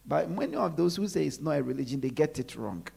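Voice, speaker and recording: A preacher delivering a sermon who repeats phrases and drops to low murmurs between emphatic lines. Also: lively intonation, fast talker, vocal fry, warm tone, breathy edge.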